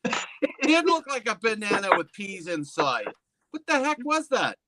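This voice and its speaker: A man's voice: high voice, big pitch swings, unhurried, over a noisy crowd. A man chatting as a guest on a stream, telling a joke with a wry setup. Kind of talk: casual chat, joke telling.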